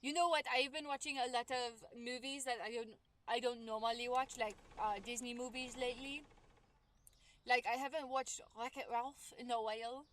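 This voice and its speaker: A woman's voice: a little high, steady tone, moderate pace, fairly bright tone. A young woman streaming a game, chatting casually and cheerfully with her viewers while she plays. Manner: chatty, bubbly, talks to chat while playing. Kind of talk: casual livestream chat. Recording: game music clearly behind the voice. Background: game music.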